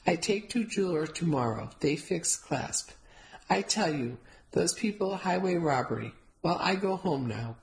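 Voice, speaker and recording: A woman's voice: on the low side, lively intonation, unhurried, darkish tone, rough recording. A woman voicing a blunt elderly woman who speaks clipped, broken English. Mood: grumbling.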